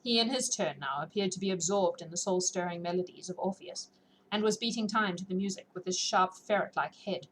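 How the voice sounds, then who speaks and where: A woman who reads audiobooks and streams reads a classic novel aloud, then shifts into relaxed, chatty talk with her listeners. Her lowish voice is brisk, sounding sore and slightly scratchy from a long read. Faint background noise can be heard.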